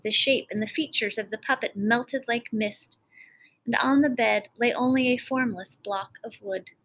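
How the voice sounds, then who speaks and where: A woman reads a fairy tale aloud with dramatic, expressive storytelling. Her voice sits a little high and rises with the action. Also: slight background noise, poor audio. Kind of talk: storybook narration.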